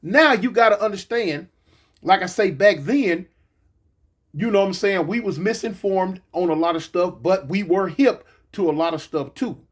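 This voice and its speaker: A man with a high voice tells an old story in a loose, casual way. He is middle-aged and from California. He talks in animated bursts full of fillers and repeats, and often acts out what other people said. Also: normal speed. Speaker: former gang member telling prison stories.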